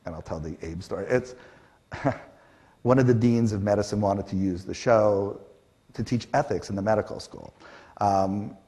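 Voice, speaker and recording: Animated storytelling man from Canada. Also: fairly low pitch, moderate pace. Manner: animated, acts out quotes, frequent fillers. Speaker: panel guest. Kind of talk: conversational storytelling on stage.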